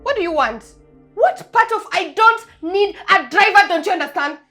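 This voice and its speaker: A woman's voice: very high voice, animated, moderate pace, fairly bright tone, soft background music, heavily acted. An actress with a Nigerian accent playing a bitter young woman in a wheelchair who snaps at her driver. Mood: contemptuous. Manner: haughty, snapping. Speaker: boss in a wheelchair.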